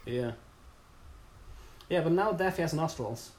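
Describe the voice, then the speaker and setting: A man's voice: on the high side, animated, unhurried, a little mellow. A man co-hosting a casual comic review, joking sarcastically and swearing often. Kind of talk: casual chat.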